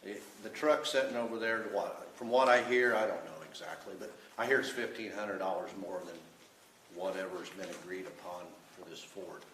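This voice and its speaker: Guy speaking up at a county meeting, lowish voice, far off the mic, echoey and noisy. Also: moderate pace, a bit bright. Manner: blunt, conversational, many fillers. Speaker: member of the public. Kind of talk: public comment at a meeting. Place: county board meeting room. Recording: distant mic, echoey room, noise.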